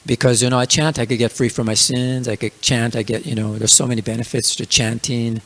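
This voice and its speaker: A man's voice: medium pitch, level tone, a little fast, a bit bright. A man teaching a scripture class in a casual storytelling manner, with many fillers. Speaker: religious class speaker.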